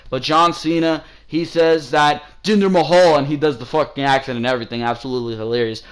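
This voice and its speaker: Man, wrestling-review host, heated profane rant, slightly high voice, casual. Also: normal speed, hardly any pauses. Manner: profane, heated ranting, often says bro.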